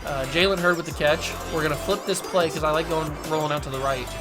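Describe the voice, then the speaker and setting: A man giving excitable play-by-play commentary as he plays a football video game, now and then shouting on big plays. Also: a little high, fast talker. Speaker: gaming YouTuber. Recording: music playing underneath.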